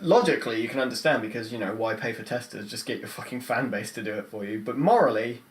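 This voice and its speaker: A British man co-hosting a podcast, dry and sarcastic, swearing casually in a relaxed chat. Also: mid-range voice, fast talker. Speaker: podcast co-host.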